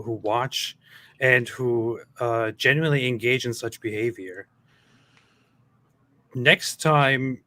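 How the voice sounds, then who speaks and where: A man's voice: mid-range voice, a bit bright. A man hosting casual commentary, heated and scornful, building into indignant outbursts.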